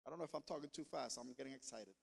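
A man preaching a sermon as pastor, talking straight to his congregation and building to loud, emphatic passages. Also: medium pitch, very fast, vocal fry, husky. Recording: long hall reverb.

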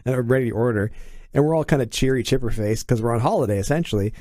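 Mellow, animated Canadian storyteller man. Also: medium pitch, racing, no room sound, clean studio sound. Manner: animated, acts out quoted dialogue. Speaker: guest. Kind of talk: casual conversation, storytelling.

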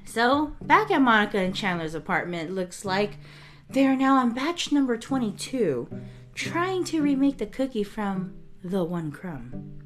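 A woman hosting a podcast, recapping scenes in casual chat and acting them out with animated storytelling. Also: a little high, unhurried, faint music behind. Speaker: podcast host.

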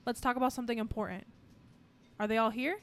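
A woman reading the part of a crude, commanding male sales boss in an amateur scene reading on a podcast, delivered loudly and assertively. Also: on the high side, fairly even intonation, fast, lightly acted. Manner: loud, assertive line reading.

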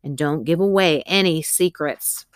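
A woman voicing a mother who is calm and firm with her children in a storybook reading, low and steady. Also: unhurried, no echo, studio quality. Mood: firm reassurance.

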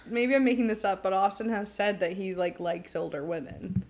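A woman's voice: mid-range voice, normal speed, darkish tone. A woman co-host chats casually on a podcast. She sounds enthusiastic and drops frequent fillers as she talks. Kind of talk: casual chat.

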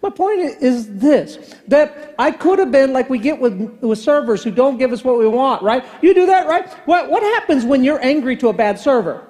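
A male pastor preaching in a loose, humorous storytelling style. He jokes and teases the congregation as he goes, keeping his delivery animated and conversational. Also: very high-pitched, moderate pace, hardly any pauses. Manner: animated, joking, chatty asides.

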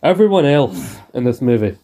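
Man, relaxed dark tone, loose sweary podcast chat. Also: mid-range voice, normal speed. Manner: swears freely, rambling with restarts. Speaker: podcast co-host. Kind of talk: casual chat.

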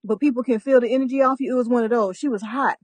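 A young woman tells a funny story in a casual group chat, slipping into lively voices for the people she quotes. Her voice sits fairly high, and the recording is close and dry with no room sound. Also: quick pace, dry recording. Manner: animated storyteller, acts out quotes, laughs often.

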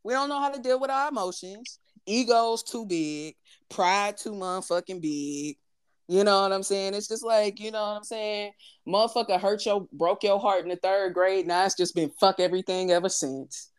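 A woman's voice: medium pitch, normal speed, smooth. A woman, talking bluntly and profanely in casual chat, repeating her points for emphasis.

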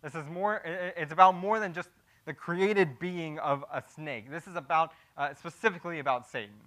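Bright-voiced male preacher, hushed to emphatic. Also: on the high side, normal speed, rough recording. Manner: swings between hushed gravity and loud animated emphasis; frequent restarts and repeated words when improvising. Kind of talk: expository sermon.

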